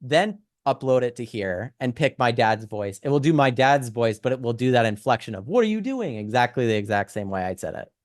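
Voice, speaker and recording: Chatty young man teaching software. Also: mid-range voice, brisk, hardly any pauses, dry recording, studio quality. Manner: chatty, lots of "right?" and "um". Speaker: instructor demonstrating AI tools. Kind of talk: casual screen-share tutorial.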